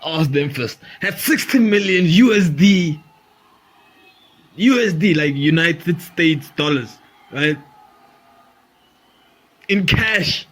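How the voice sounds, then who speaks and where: A man's voice: on the high side, fairly bright tone. A man hosting a comedy podcast, riffing animatedly, swearing freely and laughing often. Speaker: podcast host. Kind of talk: comedic monologue.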